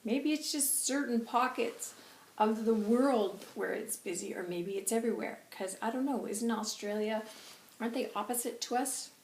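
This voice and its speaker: A woman's voice: fairly high pitch, normal speed, darkish tone. A woman channeller chatting through a monthly reading, rambling and laughing as she goes. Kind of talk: casual spoken reading. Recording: roomy with faint hiss.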